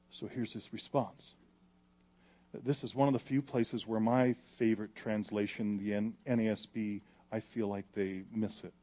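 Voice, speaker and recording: Pastor, male, animated sermon delivery, booming reads then soft pleas. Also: measured pace. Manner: animated, swings from loud reading to hushed pleading.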